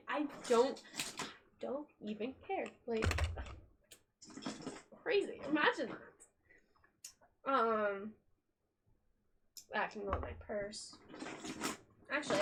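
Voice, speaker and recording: A young woman streamer rambles casually on a live stream as she packs at home, swearing offhandedly. Her voice is a little high, her speed normal, and she takes long pauses, with steady noise running underneath.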